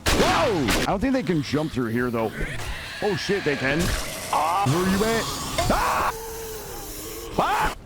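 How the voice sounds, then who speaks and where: Excitable male streamer, high voice that swings wildly, loud game noise under it. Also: brisk. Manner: excitable, yelps and screams, joking banter. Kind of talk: gaming stream commentary.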